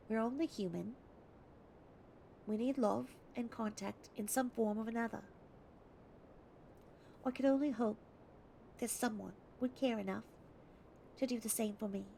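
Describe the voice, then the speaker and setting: A warm-hearted Australian woman in her thirties reads her own letter to a stranger, a woman putting on the accent. Her voice is earnest and heartfelt, with a mid-pitched, heavily gravelly texture. Faint noise sits behind her. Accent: put-on Australian.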